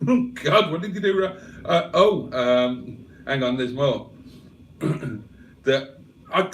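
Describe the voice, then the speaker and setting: A man's voice: on the high side, lively intonation, slow pace, pauses often, reverberant. A man hosting a livestream, reading viewer comments aloud in a casual, chatty way and chuckling often. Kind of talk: casual chat.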